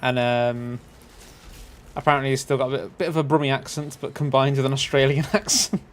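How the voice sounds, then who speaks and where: A man's voice: mid-range voice, steady tone, fairly quick, slight background noise. Man bantering dryly on a game stream. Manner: teasing, dry banter. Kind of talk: casual gameplay chat.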